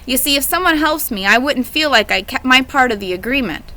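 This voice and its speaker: A woman's voice: sits high, expressive, brisk, pushed and bright, voice pushed up, rough recording. A woman voicing a determined country boy. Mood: earnest.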